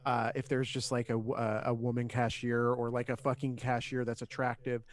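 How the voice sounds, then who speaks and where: A man co-hosting a casual podcast, talking at an ordinary middle pitch. He rambles, restarts his sentences and swears freely as he chats with his guests. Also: flat delivery, normal speed. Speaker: podcast co-host. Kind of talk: casual chat.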